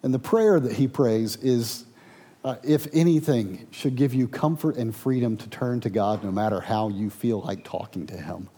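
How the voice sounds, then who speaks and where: A man preaching a sermon to his congregation, with dramatic swings in volume and loud, raised passages. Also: mid-range voice, normal speed, breathy edge. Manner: preaching with dramatic swings, loud when voicing the angry prophet. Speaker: pastor.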